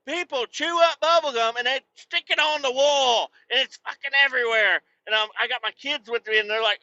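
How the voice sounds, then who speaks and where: A man with a high, very sharp, piercing voice hosts a podcast and rants through a story, swearing nonstop and working himself up until he is yelling. The recording sounds dull and lo-fi. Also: brisk, few pauses, dry recording. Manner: swears constantly, works himself up into shouting tirades. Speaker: podcast host. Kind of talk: casual profane storytelling rant.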